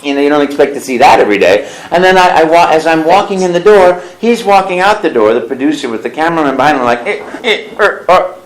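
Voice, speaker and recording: A man being interviewed as a voice actor, telling stories in an animated way and slipping into character voices. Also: fairly high pitch, quick pace, few pauses, roomy sound, poor audio. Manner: lively storyteller who slips into character voices. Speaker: voice actor guest. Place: convention interview room.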